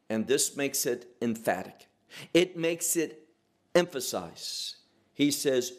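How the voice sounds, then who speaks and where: A man's voice: fairly high pitch, very animated, takes it slowly. A man preaching a sermon, emphatic, asking rhetorical questions and drawing out key words.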